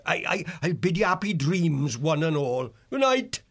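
A chatty old dormouse who loves his food, rambling along in a rustic country dialect. His voice sits high and drawls slowly, with an odd, strained timbre well apart from the reader's usual deep tone. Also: sing-song, heavily acted. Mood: folksy. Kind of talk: audiobook character voice.

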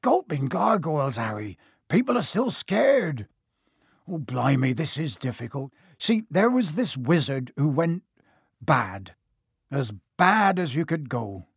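A man voicing a huge, gruff, warm-hearted giant of a man with a rustic dialect, reading from a storybook. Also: fairly high pitch, very animated, takes it slowly, dry recording, clean studio sound, exaggerated voice. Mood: worried, confiding.

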